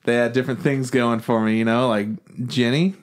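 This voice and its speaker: A relaxed man chatting on a podcast, dropping short deadpan quips. He swears casually and keeps his middle-pitched voice easygoing. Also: fairly quick. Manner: laid-back, dry quips, casual swearing. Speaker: podcast co-host. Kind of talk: casual chat.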